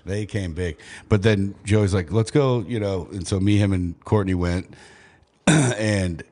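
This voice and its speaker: A man's voice: deep voice, unhurried, warm tone. A man hosting a podcast who tells a story in a casual, rambling way, using "like" and "dude" a lot and laughing mid-story. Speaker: podcast host.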